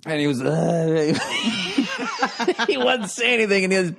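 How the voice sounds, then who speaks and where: A man with a fairly high voice tells an anecdote on his podcast. He swears freely and keeps laughing through the telling. The sound is clean and close on a studio microphone. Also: sing-song, takes it slowly, vocal fry, fairly bright tone. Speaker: podcast host. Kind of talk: casual storytelling.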